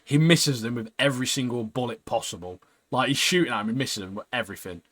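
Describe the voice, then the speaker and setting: A man chatting on a podcast, lively and easygoing as he retells an episode. His voice sits in a middle register and he often drops a friendly "mate". He laughs readily while keeping things casual. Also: medium pitch, fast talker. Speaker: podcast co-host. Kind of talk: casual chat recapping a TV episode.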